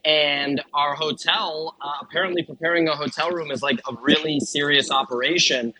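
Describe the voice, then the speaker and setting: A man's voice: fairly high pitch, steady tone, normal speed, sharp tone, poor audio. A man chatting on a podcast as a guest, playful and a bit mock-dramatic. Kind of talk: casual podcast chat.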